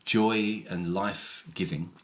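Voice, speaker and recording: A man's voice: sits low, fairly even intonation. A man, a church leader reflecting on a Sunday sermon in casual chat. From England, Brighton. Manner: reflective, explaining with slow emphasis.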